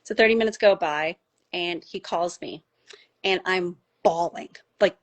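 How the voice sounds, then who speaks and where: A middle-aged woman from the United States, a doctor telling a personal story in casual conversation, animated and rising high when she gets emotional. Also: a little slow. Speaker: doctor and podcast guest.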